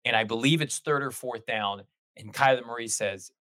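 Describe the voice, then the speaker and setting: A man in casual sports podcast chat, talking in long animated run-on stretches as a guest host. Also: medium pitch, moderate pace, no echo.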